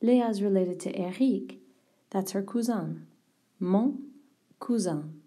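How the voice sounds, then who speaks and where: A woman teaching a French vocabulary lesson, mixing English explanations with slow, carefully pronounced French words. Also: medium pitch, warm tone.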